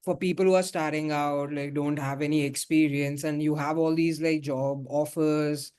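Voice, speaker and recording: A man's voice: fairly high pitch, level tone, normal speed, darkish tone, clean tone. A man with a noticeable accent asking a coaching question on a call, hesitant and full of fillers. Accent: non-native accent.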